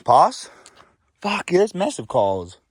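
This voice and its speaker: An Australian man vlogging casually outdoors on a bush walk, swearing and getting excited, recorded on a handheld camera. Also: sits high, slow, breathy edge. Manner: sweary, excitable, shouts to test the echo. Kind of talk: casual vlog chat while hiking.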